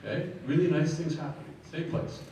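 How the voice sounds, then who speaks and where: A man leading a choir rehearsal, giving brisk feedback on phrasing and breathing, counting the singers in and singing short sample phrases. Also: fairly high pitch, fairly even intonation, dark tone. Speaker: choir clinician. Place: large echoey rehearsal hall. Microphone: room recording from a distance. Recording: echoey hall from far off, faint noise.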